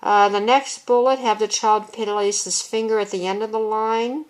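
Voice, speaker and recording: A woman's voice: medium pitch, fairly even intonation, normal speed. A woman teacher explaining reading methods in a recorded demonstration. She reads lines from a children's book aloud as examples, recorded on a handheld video camera. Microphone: handheld consumer video camera.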